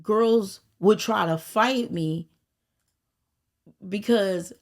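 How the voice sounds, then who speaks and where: A woman from Arkansas telling crude, animated stories in a casual podcast chat. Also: medium pitch, very slow. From Arkansas, American South. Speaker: podcast guest.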